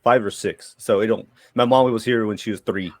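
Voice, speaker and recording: A man's voice: lowish voice, steady tone, fairly quick, dry recording. A man in a casual group chat, talking in an easygoing, rambling way. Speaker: podcast co-host.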